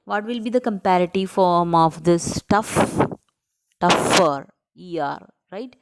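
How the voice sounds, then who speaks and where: A woman with a lowish voice speaks slowly over heavy background noise. She's a teacher giving young students a grammar lesson, going step by step, spelling out letters, splitting words into syllables and often asking "right?".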